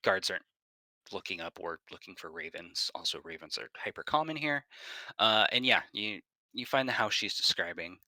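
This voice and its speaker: A man as game master narrating a tabletop game in a casual, halting way, with many fillers. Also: sits low, expressive, pushed and bright, no echo, low-quality recording. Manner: casual, halting narration with fillers and brief put-on guard voices.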